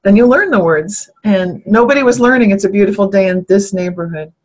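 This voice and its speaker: A woman's voice: medium pitch, brisk, rough recording. A woman who is a guest on an interview show, explaining ideas in an earnest, thoughtful, conversational way. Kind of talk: casual interview chat.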